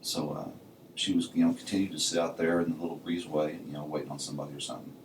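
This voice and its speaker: A man's voice: a bass voice, little pitch movement, racing, a little hiss or hum. A man co-hosting a podcast, telling stories casually and saying "you know" all the time. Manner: says "you know" constantly, storytelling. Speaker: podcast co-host. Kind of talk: casual chat. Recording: distant mic in an echoey room.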